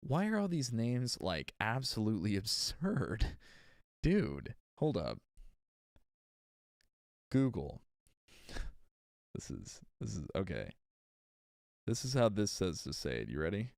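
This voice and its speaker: A man's voice: on the low side, huge pitch swings, gravelly, darkish tone, no room sound, clean studio sound. A man recording an audiobook on a livestream, reading with retakes and chatting with exasperated asides in between. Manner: reads slowly with retakes, chats with exasperated asides. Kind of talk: casual livestream chat between reading takes.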